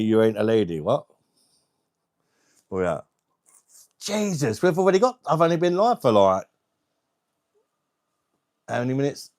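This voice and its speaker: A man's voice: medium pitch, no room sound, clean studio sound. A young man hosting a casual live stream on a wireless mic, chatty and laughing often as he greets viewers by name. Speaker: livestream host.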